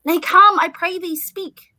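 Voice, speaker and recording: A woman's voice: very high-pitched, fairly even intonation, measured pace, pushed and bright, full character voice, poor audio. A woman playing an impatient young girl in love in a Shakespearean stage drama, pleading and theatrical. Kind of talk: Shakespearean stage acting over video call.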